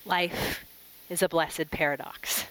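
A middle-aged woman giving a devotional talk, gentle and reflective, telling a family story and closing in prayer. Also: on the low side, fairly even intonation, slow pace, whispered, low-quality recording. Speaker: devotional speaker.

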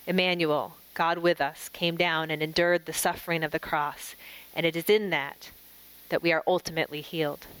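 A middle-aged woman giving a devotional talk, gentle and reflective, telling a family story and closing in prayer. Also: low voice, fairly even intonation, normal speed, clean tone, low-quality recording. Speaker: devotional speaker.

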